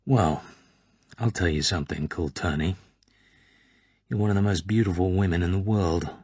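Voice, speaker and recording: Male reader doing a cool sarcastic spy guy, deep voice, dry close sound. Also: normal speed, a little mellow, husky, no echo. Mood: cool sardonic. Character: cool, sardonic British spy, man.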